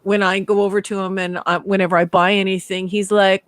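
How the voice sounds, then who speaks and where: A woman's voice: medium pitch, level tone, fairly quick, hardly any pauses, no echo. A woman chatting enthusiastically in a casual group video call.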